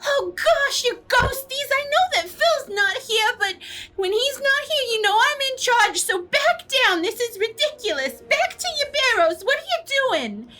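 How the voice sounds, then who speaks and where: Woman putting on a tiny frightened keeper girl, squeaky high, frantic, shrill, tabletop game character. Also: sing-song, a little slow, bright, forceful tone, full character voice. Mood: indignant. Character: small frightened young female spirit-keeper.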